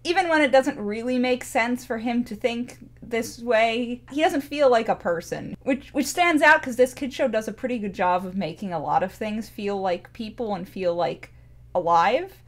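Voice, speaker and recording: A woman's voice: fairly high pitch, normal speed. A young woman talking casually about a cartoon, rambling and gushing with many restarts. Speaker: show reviewer. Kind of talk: casual chat.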